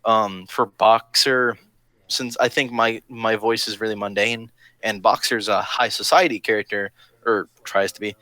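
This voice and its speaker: Young guy, casual podcast chat, bright and clear, dry close sound, rambling and jokey. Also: lowish voice, no echo. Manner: rambling, jokey, tosses in quick silly voices. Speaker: LARP podcast co-host.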